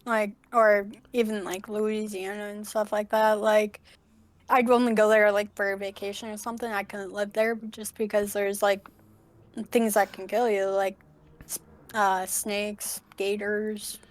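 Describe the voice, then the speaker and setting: A young woman from the United States, chatting casually on a podcast in a relaxed way, full of "like" fillers. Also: medium pitch, measured pace.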